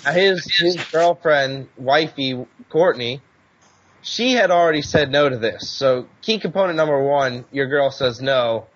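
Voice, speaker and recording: A man's voice: mid-range voice, unhurried, fairly bright tone, a little hiss or hum. A man co-hosting a podcast, teasing his friends with crude jokes in casual chat. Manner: teasing, crude joking storyteller. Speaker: podcast co-host. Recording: dull lo-fi podcast audio.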